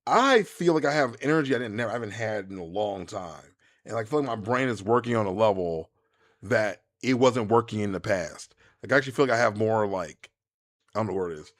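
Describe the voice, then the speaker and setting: A man, chatting casually to viewers while streaming a game, rambling and animated with many restarts. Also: lowish voice, brisk. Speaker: gaming streamer. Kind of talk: casual live-stream chat while playing.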